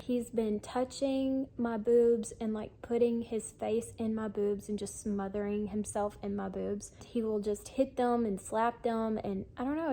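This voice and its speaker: A woman's voice: on the high side, dark tone, slight background noise. A young adult woman giving a candid, chatty update to her viewers in a casual vlog. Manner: candid, confiding, chatty with fillers. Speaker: vlogger.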